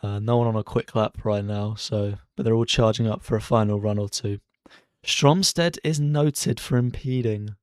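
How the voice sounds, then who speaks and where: Man, live watchalong commentary, excitable and chatty, dry close-miked bedroom. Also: on the low side, moderate pace, no echo. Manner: chatty and excitable, cheering drivers on. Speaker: streamer hosting a racing watchalong. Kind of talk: live casual race commentary. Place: bedroom at home.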